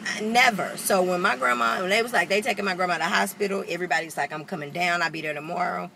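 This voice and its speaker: Woman vlogger, gravelly and sharp, cussing and acting out quotes, faint hiss behind. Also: fairly low pitch, fast talker. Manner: animated, profane, acts out quotes. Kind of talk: casual storytelling to camera.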